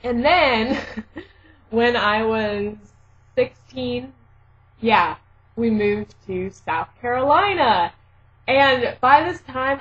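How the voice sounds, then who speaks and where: A young woman with a blended Midwestern and South Jersey accent talks slowly through a casual vlog, full of fillers and self-corrections. Her voice is a little husky. The audio is muffled and lo-fi, like a home webcam recording. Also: medium pitch, a bit bright. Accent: mixed Midwestern and South Jersey. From Southwest Michigan. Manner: chatty, rambling, many fillers and self-corrections. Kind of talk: casual vlog, reading a word list. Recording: dull lo-fi home video audio.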